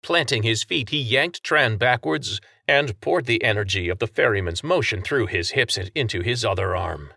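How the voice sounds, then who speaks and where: A man narrating a story aloud, steady and expressive. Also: medium pitch, moderate pace, gravelly, hardly any pauses, slightly rough, dry recording, studio quality. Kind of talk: audiobook narration.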